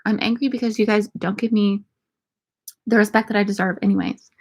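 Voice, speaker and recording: Young female streamer, irreverent and profane, gravelly vocal fry, casual viewer Q&A. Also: mid-range voice, fairly even intonation, brisk. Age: young adult. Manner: irreverent, profane, laughing banter. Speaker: streamer answering viewer questions. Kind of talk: casual Q&A chat.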